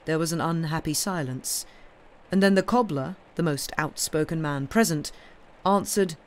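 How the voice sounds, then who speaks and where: A woman reading a classic detective story aloud in a steady storytelling voice. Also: deep voice, normal speed. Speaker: reader.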